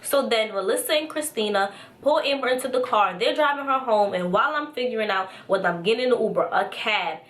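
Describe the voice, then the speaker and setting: A woman's voice: a little high, brisk. Chatty young woman, roomy echo. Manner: chatty and animated, full of "like" and "so". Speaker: vlogger. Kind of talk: casual story time.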